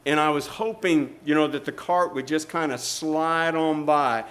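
A man telling a story in a sermon, animated and acting out the people in it. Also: a little high, unhurried.

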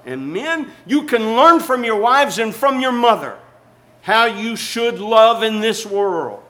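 A man's voice: medium pitch, a little hiss or hum, rough recording. A man preaching a sermon as a pastor, emphatic and storytelling, calling out to the congregation.

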